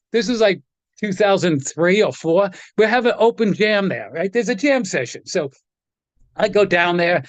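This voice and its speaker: A middle-aged man with a fairly high speaking voice tells rambling stories as an interview guest. He acts out the voices of the people he quotes, laughing often. The sound is dry and close. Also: no echo. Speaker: guest, guitar tech. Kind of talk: casual storytelling interview.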